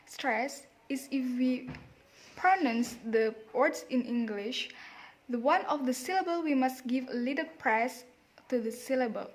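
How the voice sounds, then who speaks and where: A woman with an Indonesian accent presents a pronunciation lesson in a high voice. She walks through each point and repeats example words with careful emphasis. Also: expressive, unhurried. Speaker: student presenter.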